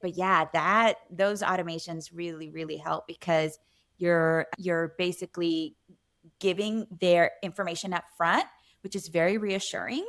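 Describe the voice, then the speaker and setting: A middle-aged woman physician, a guest on a podcast, speaks in a fairly low, slightly bright voice with fairly even intonation and a moderate pace. She chats casually in the interview, often saying "you know" and "right?".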